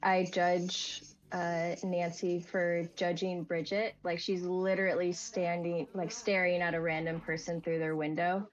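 A woman's voice: on the low side, little pitch movement, unhurried, hardly any pauses. Easygoing woman streamer talking through her run, slightly muffled recording. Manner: chatty, easygoing. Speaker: speedrunner. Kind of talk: casual stream commentary. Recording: dull lo-fi mic.

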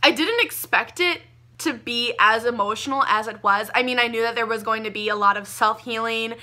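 A young woman gushing about a book she loved, talking casually and excitably with lots of "like" fillers. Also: a little high, a little fast. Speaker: book reviewer.

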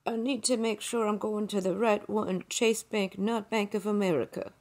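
A woman's voice: mid-range voice, fairly even intonation, normal speed, darkish tone. Woman playing a nervous, hesitant caller. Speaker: video creator prank-calling scammers. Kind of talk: prank phone call.

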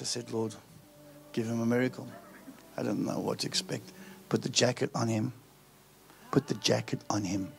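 Gravelly middle-aged male preacher. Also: mid-range voice. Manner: animated storytelling, acts out quoted dialogue. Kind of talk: sermon storytelling. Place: large auditorium.

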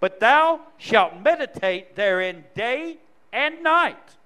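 A man reading scripture aloud during a church service, slow and measured through the archaic verse. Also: extremely high pitch, animated, bright, forceful tone.

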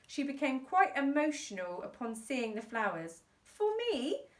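Woman teacher reading a kids' book aloud, lively voice, echoey room. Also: on the high side. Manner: brisk storytelling narration. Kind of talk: children's book read-aloud. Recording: echoey room, distant mic.

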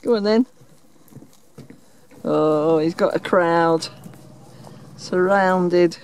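Woman, unhurried, dry teasing humor, handheld camera travel vlog. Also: fairly low pitch, a little mellow, a little hiss or hum. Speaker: vlogger. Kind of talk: casual travel vlog chat. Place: in a car, then a desert cabin.

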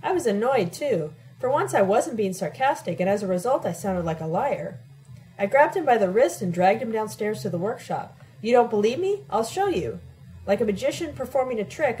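A woman reading a first-person novel aloud in a steady, measured way. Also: mid-range voice, poor audio. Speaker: audiobook reader.

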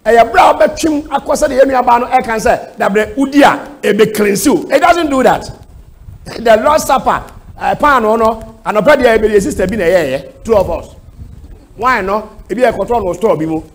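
A male preacher with a Ghanaian accent answers questions at a church seminar. His voice sits high with a gravelly, creaky texture, and he drives points home emphatically with rhetorical questions. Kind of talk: seminar teaching in Twi and English.

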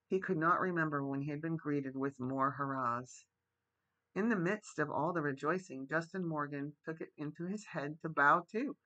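A man reading a chapter book aloud as a gentle bedtime story. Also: fairly high pitch, poor audio. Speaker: storybook reader. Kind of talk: reading a children's novel aloud.

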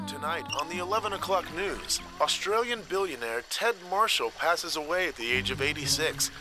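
Brief: man playing a cartoon newscaster, formal and even delivery. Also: fairly high pitch, normal speed, music in the background, lightly acted. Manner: formal newsreading. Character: male TV news anchor. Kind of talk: cartoon voice acting.

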